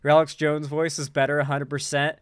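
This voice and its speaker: Smooth-voiced sarcastic male commentator. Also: a little high, flat delivery, a little fast, dry recording, studio quality. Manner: sarcastic, mocking, laughs often. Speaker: political commentary streamer. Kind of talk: casual commentary.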